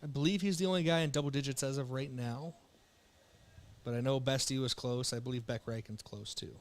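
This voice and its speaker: A young man from South Dakota calling baseball play-by-play with relaxed, joking banter between pitches while fighting the hiccups. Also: a little fast. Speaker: play-by-play announcer.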